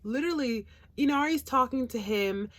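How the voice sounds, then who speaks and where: A woman's voice: high voice, expressive, moderate pace, a bit bright, dry recording. A woman chatting casually about an anime episode, rambling and blunt, swearing freely. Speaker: anime reviewer, co-host. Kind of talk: casual chat.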